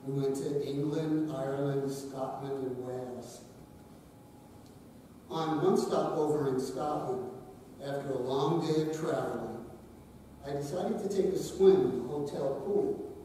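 A man in his later years tells warm stories at a memorial service. His voice is mellow and slightly high. It rings through a large, reverberant hall from a distant mic with faint hiss. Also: measured pace. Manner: gentle storytelling, light humor. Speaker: eulogy speaker, son-in-law. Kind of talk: memorial eulogy.

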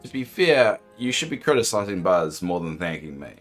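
A man from New Zealand streaming a video game, chatting casually and joking with bursts of excited exclamations. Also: sits low, moderate pace, soft background music. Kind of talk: casual live-stream commentary.

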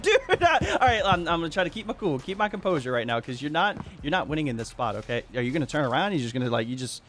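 A man giving excited, laughing commentary over his own gameplay as a video host, jumping between shouting and muttering. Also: on the high side, rapid-fire, few pauses, slight background noise. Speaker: gaming YouTuber.

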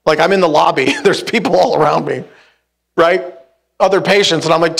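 A young male pastor preaching to a church congregation, telling a story in a lively, comic way. His voice sits a little higher than most men's, and he acts out the dialogue with bursts of laughter. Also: fairly quick, gravelly. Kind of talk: storytelling sermon. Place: church hall with live congregation.

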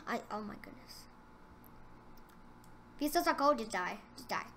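A woman doing casual gameplay commentary for her gaming channel, excitable and trash-talking her opponents, then dropping into mumbled asides. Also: medium pitch, normal speed, vocal fry, slight background noise.

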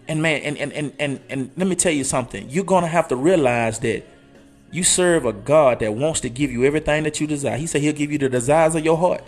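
A man in his thirties, an online coach, giving a fervent motivational talk that swings from low and hushed to loud and high, repeating phrases for emphasis and quoting scripture. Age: 30s. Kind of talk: motivational talk on a live show.

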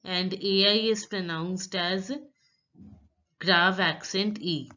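A woman teaching French pronunciation, reading words out slowly and explaining each sound step by step. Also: fairly low pitch, fairly even intonation, sharp tone. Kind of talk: slow pronunciation lesson. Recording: dull lo-fi recording.

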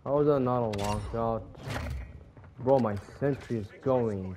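A man's voice: mid-range voice, unhurried, warm tone, slight background noise. A man giving casual commentary while playing a shooter, often bursting out in frustration and swearing. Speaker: gamer.

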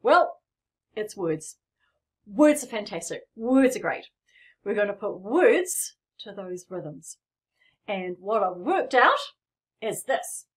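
A woman's voice: mid-range voice, very animated, slow pace, pauses often. A middle-aged woman teaching piano in a playful, encouraging way, explaining rhythms as she plays. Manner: playful and encouraging, demonstrates while playing. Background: piano playing.

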